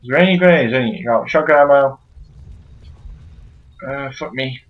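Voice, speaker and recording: A man giving let's play commentary while he plays a shooter, swearing constantly and shouting at enemies in frustration. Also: medium pitch, normal speed, phone-quality sound. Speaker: gamer playing through a shooter.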